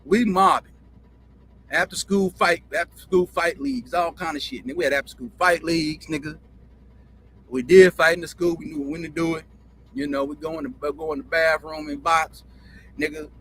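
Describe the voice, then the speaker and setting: A man's voice: on the high side, moderate pace, a bit bright, slight background noise. A man with a Southern country drawl hosting his own show, telling stories in a rambling, profane monologue and repeating himself. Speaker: show host. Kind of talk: casual storytelling monologue.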